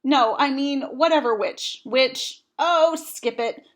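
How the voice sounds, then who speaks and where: A woman voicing an exasperated, fussy middle-aged husband in a read-aloud storybook, with drawn-out, flustered phrasing. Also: a little high, sing-song.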